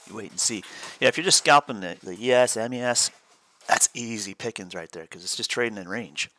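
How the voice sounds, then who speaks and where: A man's voice: lowish voice, a little fast, bright, forceful tone. A man co-hosting a live day trading stream, chatting casually and chuckling as he explains chart setups.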